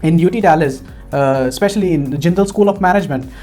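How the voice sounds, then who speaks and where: A man's voice: a little high, fast talker, a little mellow, soft background music. A young man from Punjab with an Indian accent, earnestly telling his story as an interview guest, often repeating words as he searches for phrasing. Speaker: graduate student guest. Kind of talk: casual interview.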